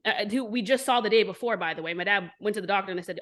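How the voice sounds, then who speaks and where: A woman in her forties, an entrepreneur guest telling her story in an interview, blunt and animated, with frequent swearing. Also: mid-range voice, very fast, few pauses. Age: 40s.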